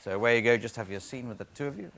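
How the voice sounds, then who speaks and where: A man's voice: medium pitch, lively intonation, very fast, creaky, fairly bright tone. A man hosting a comedy game show in a studio, with a dry, wry manner. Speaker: host. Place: TV studio with live audience. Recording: studio audience and noise behind.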